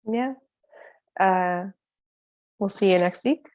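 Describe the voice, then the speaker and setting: A woman's voice: mid-range voice, takes it slowly, a little mellow. A woman co-hosting a podcast in casual chat, laughing easily. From Texas. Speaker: podcast co-host.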